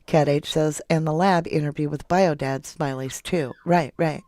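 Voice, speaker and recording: A woman's voice: sits low, fairly even intonation, normal speed, darkish tone, no echo, clean studio sound. A woman hosting a casual true crime livestream, reading viewer comments aloud and giving blunt opinions. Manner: opinionated, blunt, reads out chat messages. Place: home.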